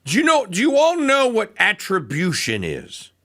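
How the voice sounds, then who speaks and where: Gravelly, bright-toned male talk radio host, opinionated and animated. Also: high-pitched, normal speed. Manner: animated, mocking, breaks into voices.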